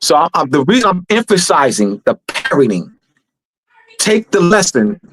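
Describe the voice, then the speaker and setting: A man's voice: fairly high pitch, very animated, normal speed, fairly bright tone, a little hiss or hum. A man hosting a live teaching discussion, talking emphatically and repeating his points as he urges listeners on. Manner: emphatic and repetitive, urging listeners. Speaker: host.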